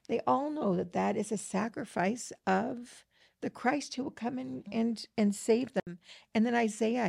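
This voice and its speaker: Gravelly-voiced woman discussing scripture. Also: a little high, a little mellow, no echo, studio quality. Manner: earnest and enthusiastic, with frequent fillers. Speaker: co-host of a scripture study podcast. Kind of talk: gospel discussion, reading scripture aloud.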